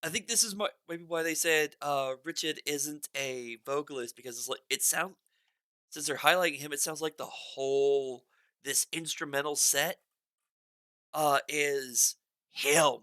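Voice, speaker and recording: A man hosting a music reaction video, chatting excitedly and rambling through his thoughts, with faint music behind him. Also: on the high side, unhurried, no room sound, clean studio sound. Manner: excitable and rambling, with many restarts and bursts of enthusiasm. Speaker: music reaction channel host. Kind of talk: casual reaction commentary. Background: faint music from the song being reacted to.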